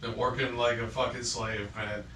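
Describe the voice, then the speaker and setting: A man's voice: mid-range voice, flat delivery, normal speed, pushed and bright. A man on a podcast as the returning guest, chatting casually with short, blunt remarks and swearing. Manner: brief, blunt interjections with swearing. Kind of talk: casual chat. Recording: echoey room, far from the mic, faint noise.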